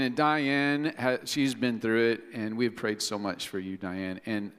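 A man's voice: mid-range voice, fairly even intonation, a little slow, hardly any pauses, a bit bright, a little hiss or hum. A middle-aged man preaching a sermon as pastor, talking chattily with joking asides to the congregation. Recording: long reverb of a large hall.

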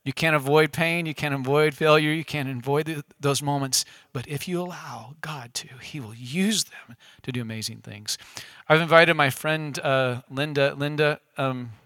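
A male pastor preaching in a relaxed, conversational way. He often checks in with his audience through quick questions. His voice is bright and fairly high, and it sounds close and dry. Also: dry recording. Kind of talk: casual sermon. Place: church room with an audience.

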